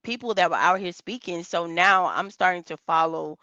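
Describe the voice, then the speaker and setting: A woman's voice: on the low side, normal speed, sharp tone, no echo, lo-fi sound. A woman calling in to a talk stream, earnest and rambling, restarting her sentences often. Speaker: caller. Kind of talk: casual call-in chat.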